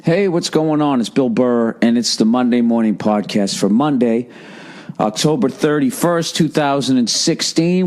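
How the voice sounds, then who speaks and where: A man's voice: medium pitch, expressive, normal speed, darkish tone. Profane rambling man hosting a podcast. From United States. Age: 40s. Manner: profane rambling rants with mocking put-on voices. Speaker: podcast host. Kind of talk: solo podcast monologue.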